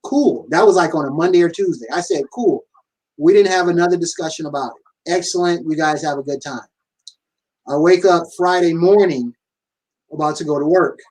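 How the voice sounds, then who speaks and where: A man co-hosting a podcast who tells his side of the story in a measured, fact-focused way and sometimes teases with playful interruptions. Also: on the high side, a little mellow, distant mic, rough recording. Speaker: podcast co-host. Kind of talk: casual conversation.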